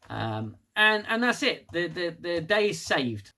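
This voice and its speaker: A man's voice: a little high, very animated, normal speed, few pauses, bright, forceful tone. Sarcastic man reviewing TV. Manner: sarcastic, sweary, rambling. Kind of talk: casual solo review.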